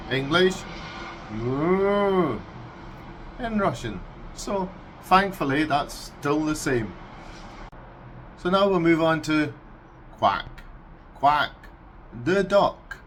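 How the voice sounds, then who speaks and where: Scottish guy chatting real slow, bouncy pitch, bit of hum in the room. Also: expressive, fairly bright tone. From Scotland. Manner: unhurried, amused, imitates animal noises. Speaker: vlogger. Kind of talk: casual explainer vlog.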